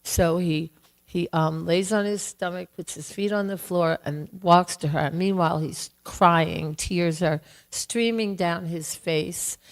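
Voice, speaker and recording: Slow, low-voiced woman telling a devotional story. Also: steady tone, low-quality recording. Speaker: class speaker. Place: temple hall.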